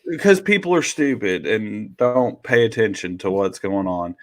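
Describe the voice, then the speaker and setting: A man's voice: lowish voice, lively intonation, normal speed. A man hosting a casual podcast chat, reading out list entries and swearing freely. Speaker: podcast host.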